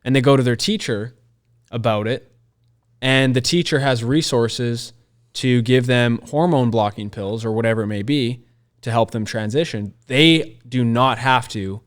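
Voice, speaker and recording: In a smooth, mid-range voice and at a slightly slow pace, this Christian podcast co-host joins a conversational discussion. He's earnest and emphatic, returning to his key phrases again and again.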